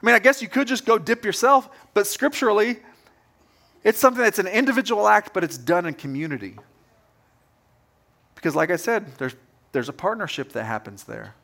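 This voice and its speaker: A man's voice: high-pitched, animated, a little fast, vocal fry, long pauses, bright, forceful tone. A male pastor giving a conversational sermon to his congregation, telling stories and speaking directly to them. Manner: casual, anecdotal, direct address to congregation. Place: church service.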